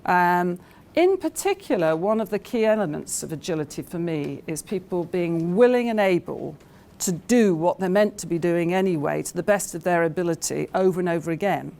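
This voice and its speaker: A woman addresses a conference audience in a fairly low voice. She talks in a storytelling way, with frequent fillers and restarts. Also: expressive, normal speed, creaky, dark tone. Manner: anecdotal, hesitant with many fillers. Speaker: conference speaker. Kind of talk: conference talk.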